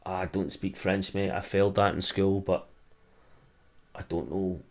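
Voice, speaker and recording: A man's voice: sits low, steady tone, gravelly, darkish tone. A Scottish man streaming a football watch-along, mixing casual play-by-play with grumbling about the refereeing. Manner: grumbling, mixes complaints with quick play-by-play. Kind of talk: casual live match commentary.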